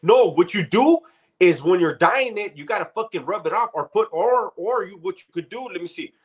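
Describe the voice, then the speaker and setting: Lively, high-voiced teasing man. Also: normal speed. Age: middle-aged. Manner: lively, profane, teasing banter. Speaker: podcast co-host. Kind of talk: casual chat.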